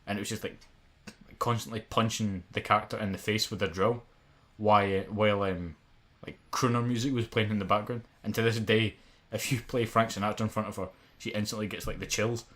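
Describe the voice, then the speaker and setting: A man's voice: fairly low pitch, fairly even intonation, a little fast, a bit bright. A Scottish man in his twenties co-hosting a podcast, rambling and swearing in casual chat. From Scotland. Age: 20s. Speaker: podcast co-host.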